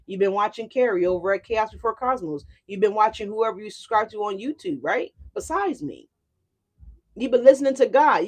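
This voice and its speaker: A young adult woman doing a casual tarot reading, animated and profane, speaking straight to her viewers. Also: on the high side. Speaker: tarot reader.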